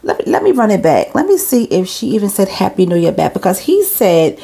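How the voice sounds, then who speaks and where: A woman's voice: mid-range voice, sing-song, a little fast, creaky, mellow. A woman hosting her channel, chatting casually and reading messages aloud with chatty asides and rhetorical questions. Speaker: channel host.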